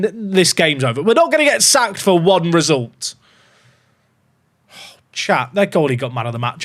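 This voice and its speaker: An animated man in his thirties talks to his live-stream viewers as he plays. His voice sits high for a man and leaps around in pitch, drifting from easy chatter into theatrical panic. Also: normal speed, long pauses. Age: 30s. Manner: animated, swings between chatty and mock panic. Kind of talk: live-stream gaming chat.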